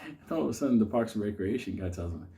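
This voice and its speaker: A man's voice: fairly low pitch, expressive, fast talker, warm tone. A man telling a rambling, profane story in a casual way, often breaking into laughter. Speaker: host.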